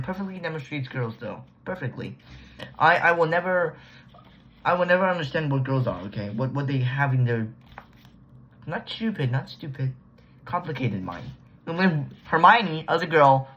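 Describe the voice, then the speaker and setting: A man's voice: on the high side, a bit bright. A man casually recapping a book he read, using slang, restarting sentences and trailing off. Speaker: book reviewer. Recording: dull lo-fi recording.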